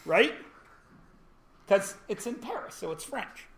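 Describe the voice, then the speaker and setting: High-voiced joking male teacher. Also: expressive, measured pace. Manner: jokey, quizzes students as he goes. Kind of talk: classroom lecture. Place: classroom.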